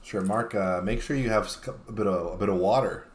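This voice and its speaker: A man's voice: on the low side, a little fast, a little hiss or hum. A man co-hosting a casual show, playful and wisecracking. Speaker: co-host. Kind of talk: casual chat.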